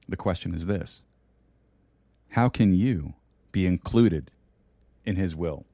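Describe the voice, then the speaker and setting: A middle-aged man preaching a sermon and telling a story, slowing down to stress key words. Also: sits low, dark tone, no room sound.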